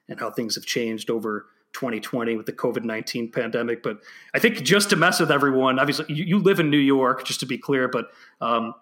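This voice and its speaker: A man's voice: mid-range voice, a little fast. A young man hosting a podcast interview, talking casually with many fillers and restarts. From Chicago area. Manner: relaxed, rambling with fillers and restarts. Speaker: podcast host.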